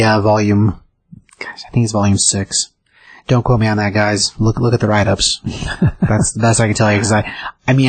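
A man's voice: medium pitch, a little mellow, husky, dry recording. A man co-hosting a casual comic book chat, giving chatty recommendations with hedging, unsure asides. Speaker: comic book show co-host.

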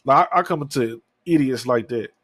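A man's voice: mid-range voice, a little fast, a bit bright, no echo. A man in his thirties hosting a podcast, talking alone in a candid, profane, rambling way. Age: 30s. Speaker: podcast host. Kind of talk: casual solo talk.

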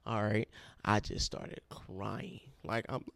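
A man's voice: fairly low pitch, steady tone, slow pace, vocal fry, fairly bright tone, dry recording. A young man sharing a personal testimony, telling his story earnestly and repeating phrases for emphasis.

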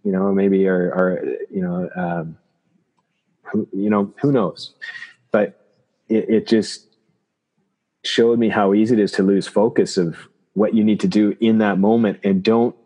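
A man, a chiropractor from Canada, telling personal stories in an interview, halting and reflective with many restarts. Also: on the low side, level tone, mellow. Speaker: guest, chiropractor.

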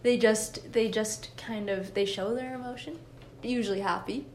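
A woman's voice: fairly high pitch, steady tone, moderate pace, a little hiss or hum. A young woman co-hosting a podcast, chatting casually, giggly and rambling with many restarts. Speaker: podcast co-host. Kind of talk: casual chat.

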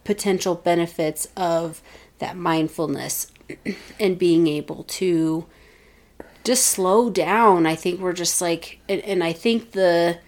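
Chatty lower-voiced woman host. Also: steady tone, slow, darkish tone. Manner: chatty storytelling, acts out quoted family voices. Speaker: podcast co-host. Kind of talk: casual chat.

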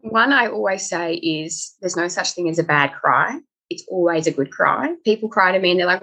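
A woman's voice: lowish voice, animated, normal speed, few pauses, sharp tone, poor audio. A woman doctor, a guest on a podcast, talking in a chatty, rambling way. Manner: chatty, rambling, quotes people in raised voices. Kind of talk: casual interview chat.

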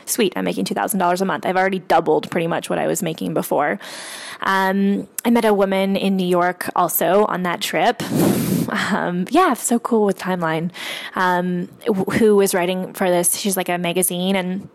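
A woman's voice: lowish voice, steady tone, normal speed, creaky. A woman author and coach telling a candid, casual story about money, swearing freely and using many fillers.

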